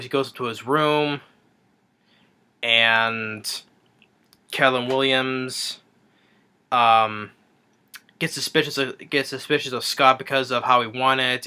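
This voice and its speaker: Give me a man ranting sarcastically through a movie review, with a crisp, clear voice. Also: mid-range voice, pushed and bright. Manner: rambling, sarcastic plot recap. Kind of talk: rambling movie review rant.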